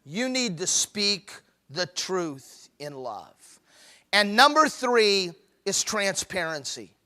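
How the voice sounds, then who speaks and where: High, bright-voiced male seminar speaker. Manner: emphatic, preachy, joking. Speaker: marriage conference speaker. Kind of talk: humorous live seminar talk.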